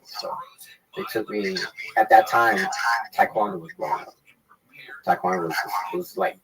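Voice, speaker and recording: A man's voice: lowish voice, fairly even intonation, moderate pace, crowd noise, low-quality recording. A man telling stories from his childhood in a casual interview, rambling and loose, filling his talk with "man" and "you know.". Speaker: interview guest. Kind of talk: casual storytelling.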